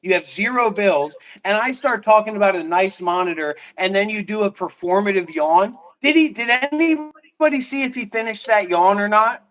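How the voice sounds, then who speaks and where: A man's voice: high-pitched, moderate pace, fairly bright tone. A man in casual livestream banter, mocking and taunting with a lot of swearing.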